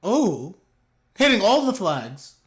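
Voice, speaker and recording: A man's voice: high-pitched, very animated, slow. A young man doing live anime reaction commentary, reacting aloud in bursts with slang, laughter and teasing.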